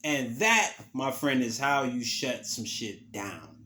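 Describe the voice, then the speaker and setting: A man talks through a recap in a relaxed, conversational way, swearing freely and stringing thoughts together as he goes. His voice sits at an ordinary middle pitch for a man. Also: takes it slowly. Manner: loose, profane, conversational storytelling. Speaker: podcast host. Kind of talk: casual commentary recap.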